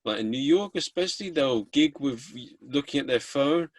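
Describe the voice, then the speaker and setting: A man's voice: medium pitch, lively intonation, normal speed, no echo. A man with an English accent hosting a comedy podcast, chatting casually and sharing blunt opinions. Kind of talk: casual podcast chat over a video call.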